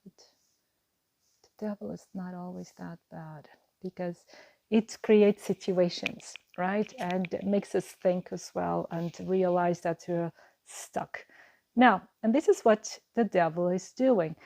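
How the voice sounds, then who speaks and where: A woman's voice: on the low side, steady tone, slow pace, creaky, mellow. Woman giving a reassuring tarot reading. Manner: earnest, reassuring, musing with repeated phrases. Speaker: tarot card reader. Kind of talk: tarot reading monologue to camera.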